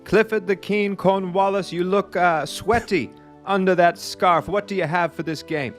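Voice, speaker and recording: A man putting on a pompous, upper-crust English host with an exaggerated British accent, who speaks in theatrical, flowery, mock-formal phrases. The voice sits a little high for a man. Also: fairly even intonation, moderate pace, faint music behind, lightly acted. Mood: teasing. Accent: put-on British English. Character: pompous posh English male podcast host.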